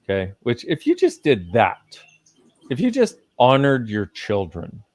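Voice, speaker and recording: A man's voice: medium pitch, huge pitch swings, unhurried, a little mellow, no echo. Emphatic male guest speaker, casual cusser, close and dry sound. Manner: emphatic, swears casually, lists ideas. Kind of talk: live conversational teaching.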